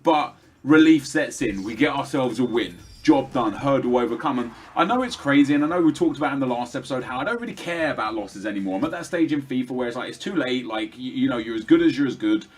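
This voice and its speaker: Fast-talking young man commentating gameplay. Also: mid-range voice, breathy edge. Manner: rambling, chatty, frequent fillers and restarts. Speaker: gaming commentator.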